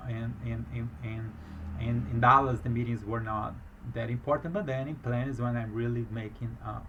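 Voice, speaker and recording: A business owner recounting a fraud case in a rambling, halting way, with a foreign accent and many restarts. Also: male voice, mid-range voice, a bit bright, muffled recording, slight background noise. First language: not English, speaks with a foreign accent. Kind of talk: emotional personal account.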